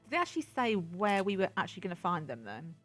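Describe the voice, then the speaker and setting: A woman's voice: on the low side, very animated, fast talker, fairly bright tone, soft background music. A woman hosting a gaming channel, chatting and giggling to herself as she plays. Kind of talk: game playthrough commentary.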